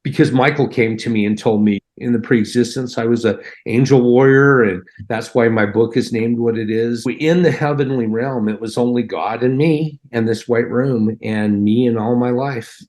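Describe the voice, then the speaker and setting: A man's voice: mid-range voice, fairly even intonation, normal speed, hardly any pauses, a little mellow. Earnest man telling a personal story. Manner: heartfelt, conversational, acts out his own reactions. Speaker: guest recounting a near-death experience.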